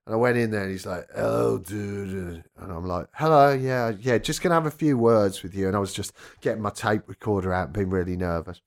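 Guy, lowish voice, chatty radio presenter telling an old punk story, does the voices. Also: fast, few pauses. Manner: animated anecdote-telling with quoted voices. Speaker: rock radio presenter and former punk singer. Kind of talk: casual storytelling interview.

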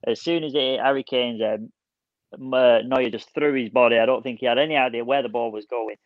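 Excitable man, dry and dull. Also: mid-range voice, no echo. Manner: excitable storyteller, quick restarts. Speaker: podcast co-host. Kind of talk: casual football chat.

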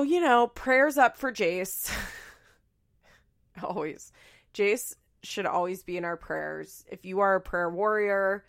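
Chatty gravelly-voiced woman podcaster. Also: fairly low pitch, fairly bright tone. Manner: chatty, self-deprecating, rambling with many fillers. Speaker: podcast host. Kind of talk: casual solo podcast chat.

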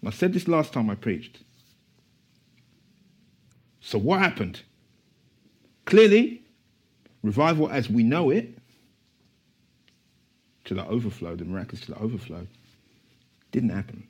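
A man preaching a church sermon, moving from quiet asides to impassioned, emphatic declarations. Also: on the low side, big pitch swings, moderate pace, long pauses, slightly rough.

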